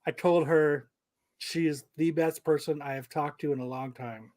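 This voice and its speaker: Animated, profane male podcast co-host. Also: fairly high pitch, moderate pace. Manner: animated, profane, acts out quoted exchanges. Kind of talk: casual storytelling chat.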